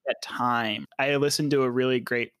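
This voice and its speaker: A man's voice: mid-range voice, fairly even intonation, moderate pace, a bit bright, clear, resonant tone, no room sound. A man co-hosting a podcast, explaining in a casual, conversational way and often checking in with "right?". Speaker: podcast co-host, behavior analyst.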